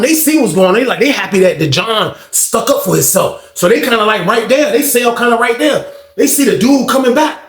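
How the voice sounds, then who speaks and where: A man casually telling a story, profane and animated, acting out voices and sound effects, in a roomy-sounding recording. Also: very high-pitched. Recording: roomy echo.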